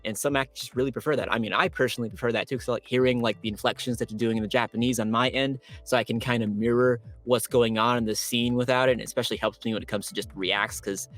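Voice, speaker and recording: A man, a voice actor, telling his stories as a guest in an interview, excitable and quoting himself with big jumps in pitch. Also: fast, few pauses. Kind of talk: animated storytelling in an interview.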